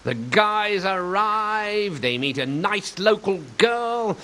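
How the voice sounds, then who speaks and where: A cynical palace guard in a game who talks in a slow, dry drawl. His voice sits high and swoops around a lot. There is a steady hiss under the recording. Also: full character voice. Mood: sardonic.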